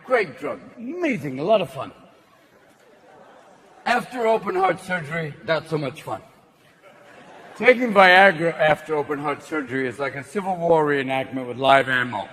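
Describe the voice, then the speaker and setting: A male stand-up comedian doing a profane, manic set with rapid shifts in voice. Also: high-pitched, fairly bright tone, low-quality recording. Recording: live show with crowd and noise. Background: audience laughter.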